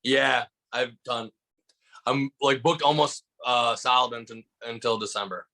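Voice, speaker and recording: A young comedian from Michigan talks shop on a podcast, his voice bright and forward at a middle pitch. He rambles through anecdotes, stacking "like" after "like". His delivery stays animated and loose throughout. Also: a little slow, poor audio. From Michigan, USA. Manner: animated storyteller, heavy use of "like" fillers. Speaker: stand-up comedian, guest. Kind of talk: casual podcast chat.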